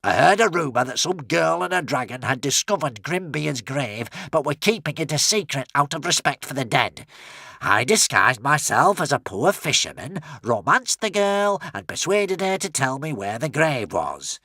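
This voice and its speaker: Guy putting on a smug impatient villain, kinda higher pitched, lively, dry. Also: moderate pace, vocal fry, dry recording, full character voice. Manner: impatient, self-satisfied. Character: smug scheming grown male villain.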